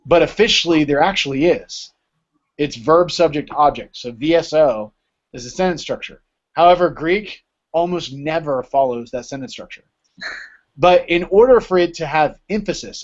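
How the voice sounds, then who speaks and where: A man's voice: fairly high pitch, animated, normal speed. A man teaching a Greek class in a casual lecture style, often checking in with "right?" as he explains. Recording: dull lo-fi recording.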